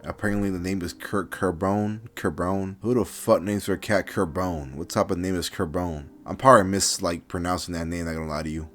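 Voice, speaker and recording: A man casually reviewing a manga chapter, animated and swearing, flaring into loud outbursts. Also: sits low, brisk, few pauses.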